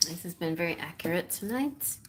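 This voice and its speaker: Texan lady doing tarot on a livestream, lowish voice, lots of like and you know. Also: expressive, fairly quick, a little hiss or hum. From Texas. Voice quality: chatty, full of fillers, laughs often. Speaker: tarot reader. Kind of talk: live-stream tarot reading chat.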